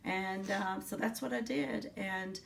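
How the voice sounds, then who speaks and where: Gravelly middle-aged woman telling her story. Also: medium pitch, distant mic. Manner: earnest, reflective storytelling with pauses and fillers. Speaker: interviewee, teacher. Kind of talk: oral history interview.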